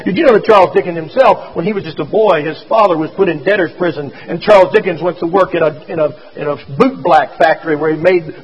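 A man's voice: high-pitched, slightly rough, rough recording. A man telling a story in a folksy sermon, repeating himself as he goes.

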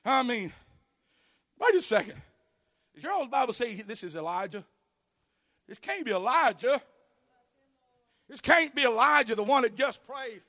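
A man preaching a fervent sermon, shouting in bursts and punctuating with amen. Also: very high voice, very animated, moderate pace, long pauses, no room sound, studio quality. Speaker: pastor.

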